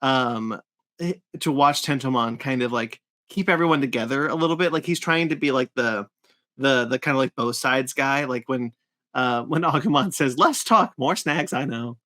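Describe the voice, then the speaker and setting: Guy on a podcast, average pitch, earnest, keeps restarting his sentences, dry mic. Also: moderate pace, no room sound. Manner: earnest, stumbles and restarts when excited. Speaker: podcast co-host. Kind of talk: casual chat.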